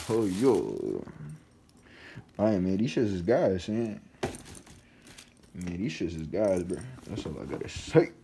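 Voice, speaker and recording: A man's voice: low-pitched, sing-song, slow, vocal fry, long pauses, dark tone, a little hiss or hum. A young man vlogging an unboxing, ranting in slangy, profane casual talk while he is sick.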